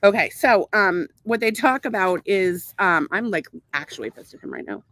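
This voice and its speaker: Exasperated, foul-mouthed woman co-host, mid-pitched, chatty with many ums. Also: lively intonation, moderate pace, fairly bright tone, no echo. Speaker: podcast co-host. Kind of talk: casual podcast chat. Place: outdoors at a home pool.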